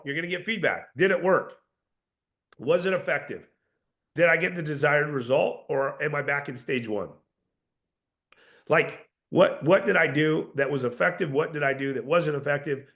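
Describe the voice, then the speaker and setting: A man leading a live sales training, coaching with lots of rhetorical questions and energetic restarts. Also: fairly high pitch, gravelly.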